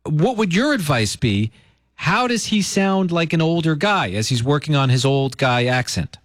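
A male radio host talks with a lively, bouncing pitch and plenty of energy. The studio sound is dry and close, with no room around it. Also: moderate pace, no room sound. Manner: upbeat and playful. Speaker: radio morning show host. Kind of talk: radio call-in banter.

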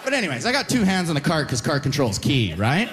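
A man from Canada doing a live stand-up routine, telling animated stories and tagging them with "right?" and "you know?". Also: fairly high pitch, fast talker, in a large hall. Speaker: stand-up comedian. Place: live comedy venue.

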